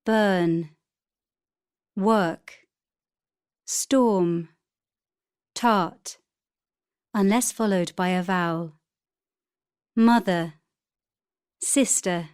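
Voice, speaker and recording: A woman's voice: lowish voice, extremely slow, long pauses, darkish tone, clear, resonant tone. A woman reading single vocabulary words and short explanations for a course, carefully articulated. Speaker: audio narrator for a vocabulary course. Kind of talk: scripted instructional reading.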